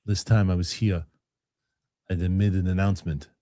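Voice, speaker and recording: Man doing aging action star, heavy Austrian accent, clipped, defiant, boastful, low voice, dry sound. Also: steady tone, normal speed, dark tone, no room sound, close to an everyday voice. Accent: Austrian, put on.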